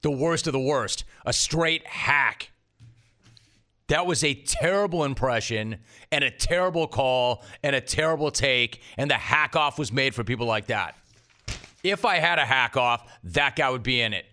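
Bright, wisecracking male radio host. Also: mid-range voice, animated. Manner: wisecracking, fast banter. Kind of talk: sports talk radio.

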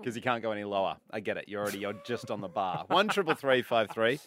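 A young man with an Australian accent, hosting studio radio and telling stories with indignant, animated banter. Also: fairly low pitch, fast. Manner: animated, indignant storytelling with mocking voices. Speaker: radio host. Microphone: studio microphone.

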